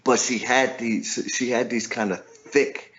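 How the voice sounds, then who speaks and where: A man's voice: mid-range voice, fairly even intonation, measured pace, fairly bright tone, dull audio. Reflective middle-aged man telling a story. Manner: reflective, loose, checks in with "right?" and "brother". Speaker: author and guest. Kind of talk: personal storytelling in an interview.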